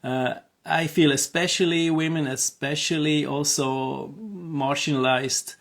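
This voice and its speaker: Creaky-voiced man giving an earnest pitch. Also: fairly even intonation, measured pace. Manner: hesitant, many fillers and restarts; earnest, encouraging. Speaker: health coach. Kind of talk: casual promotional monologue.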